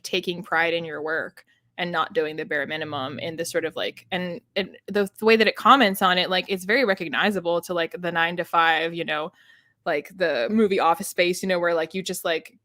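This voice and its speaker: A woman's voice: lowish voice, steady tone, moderate pace, a bit bright, no room sound. A woman co-hosting a casual live book discussion, rambling with many fillers. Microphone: home streaming setup.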